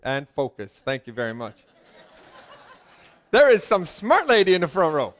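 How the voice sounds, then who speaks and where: Lively, high-voiced preacher man. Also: moderate pace. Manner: joking, asks the crowd questions, swings from loud calls to quiet asides. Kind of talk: lively sermon to a congregation.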